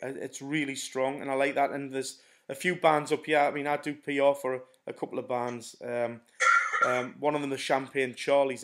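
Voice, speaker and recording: A man presenting a radio show, interviewing a band in the studio in a hesitant way full of ums and repeats. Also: mid-range voice.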